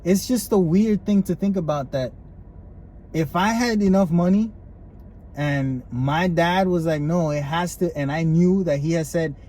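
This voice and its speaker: A man co-hosting a podcast, swearing freely in animated rants. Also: on the high side, measured pace, a little hiss or hum. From Puerto Rico. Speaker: podcast co-host. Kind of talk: casual chat.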